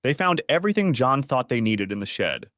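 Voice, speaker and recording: A man narrating a family drama story in a steady, scripted storytelling voice. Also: mid-range voice, a little fast, no echo, studio quality.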